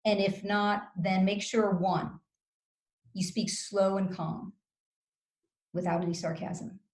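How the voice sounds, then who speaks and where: A woman working as a communication coach gives advice in an interview, in a measured, instructive way. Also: medium pitch. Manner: measured, instructive, acts out calm example phrases. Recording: roomy echo.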